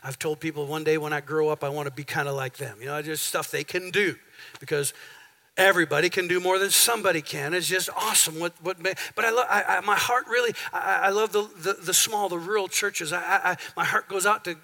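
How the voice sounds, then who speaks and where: A man's voice: high voice, fairly even intonation, brisk, pushed and bright. A male pastor preaching a sermon in a church, talking conversationally and calling on the congregation for amens. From central Minnesota. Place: church sanctuary.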